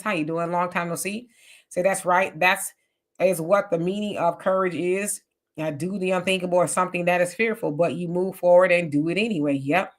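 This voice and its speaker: A woman hosting a casual live stream, reading viewer comments aloud and reacting with chatty, animated remarks. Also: fairly low pitch.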